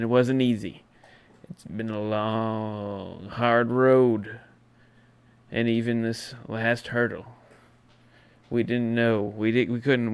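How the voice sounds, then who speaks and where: A man in his thirties doing a comedic sports rant as a podcast segment host, swinging between shouts and hushed lines. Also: medium pitch, clear, resonant tone. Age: 30s.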